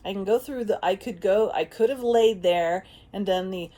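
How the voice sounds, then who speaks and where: A woman's voice: mid-range voice, normal speed, hardly any pauses. Swearing, laughing self-help woman. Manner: animated, frank, swears freely, laughs often. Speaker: self-help author and vlogger. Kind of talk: casual spoken monologue.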